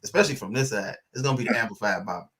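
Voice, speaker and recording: A man's voice: lowish voice, very fast, fairly bright tone. A man co-hosting a church talk show, chatting casually and animatedly with plenty of fillers. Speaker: co-host. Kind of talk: casual chat.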